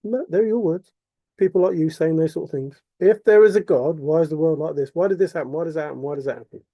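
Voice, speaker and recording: A man's voice: on the high side, fast, no echo, muffled recording. A man delivering an impassioned, repetitive monologue full of rhetorical questions. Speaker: vlogger.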